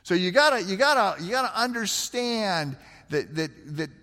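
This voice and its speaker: Middle-aged pastor, high voice, storytelling sermon, hall reverb. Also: male voice, animated, normal speed, bright, forceful tone. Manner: storytelling with self-deprecating asides, many restarts.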